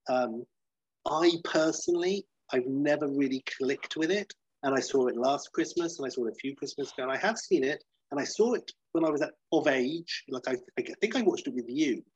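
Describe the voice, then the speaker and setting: This slightly rough-voiced man is a podcast co-host casually talking through film reviews. He animatedly acts out lines in silly, high-pitched voices, captured on a dry, lo-fi recording.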